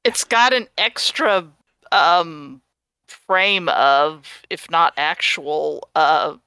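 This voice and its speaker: A woman's voice: sits low, very slow, sharp tone, smooth, no room sound. A woman player chatting casually during a tabletop game, chiming in with jokes.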